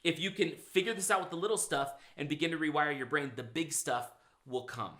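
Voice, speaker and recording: A man's voice: a little high, a little fast. A man who works as a motivational speaker, telling stories in a casual conversation and acting out his own inner thoughts. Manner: animated storyteller, acts out his own inner dialogue.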